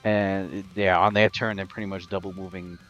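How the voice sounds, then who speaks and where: A man's voice: deep voice, level tone, moderate pace, fairly bright tone, highs cut off, faint music behind. A man running a tabletop game as game master, narrating the scene and working out damage aloud with many fillers.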